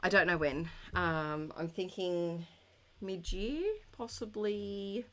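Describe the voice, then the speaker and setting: A woman with a lowish, slightly bright voice speaks slowly with fairly even intonation as she live-streams her scrapbooking from home. She chats casually with viewers and reads their comments, giggling and thinking aloud with plenty of ums.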